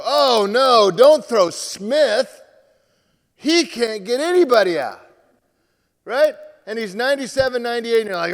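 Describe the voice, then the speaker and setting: A male pitching coach giving a lively live talk to players and parents, acting out what players say. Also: in a large hall. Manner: animated, acts out quotes from players. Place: large room with a live audience.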